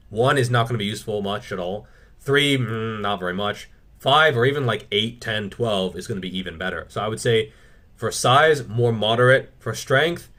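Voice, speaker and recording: Male fitness host, casual Q&A delivery, blunt and opinionated, swears freely. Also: mid-range voice. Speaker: fitness channel host answering viewer questions. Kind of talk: casual Q&A monologue.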